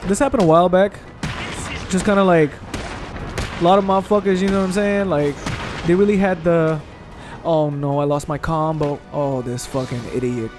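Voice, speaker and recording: A young man commentates on a video game while venting in a heated, profane rant full of repeated asides. His voice sits a little on the high side. Soft game music plays in the background. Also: brisk, pauses often. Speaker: gaming streamer. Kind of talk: let's play commentary rant.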